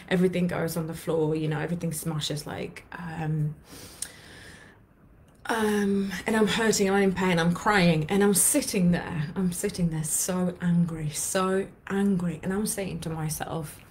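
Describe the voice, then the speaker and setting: Woman in her 30s coaching viewers through anxiety, blunt and earnest, cusses a lot, slightly low voice. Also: normal speed, slight background noise. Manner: earnest, blunt, swears freely. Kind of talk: emotional coaching talk to viewers.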